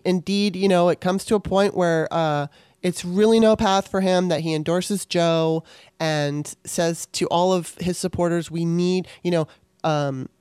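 A woman podcast host with a lowish, slightly mellow voice talks casually on her own. She sounds worked up and passionate, and she swears freely. The recording is dry and studio quality.

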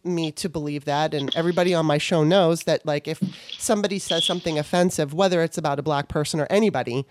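Talking fast with a low-sitting voice, this podcast host from Baltimore, Maryland keeps the conversation casual. She's candid and meandering, frequently backing up to restart her sentences. Background noise can be heard.

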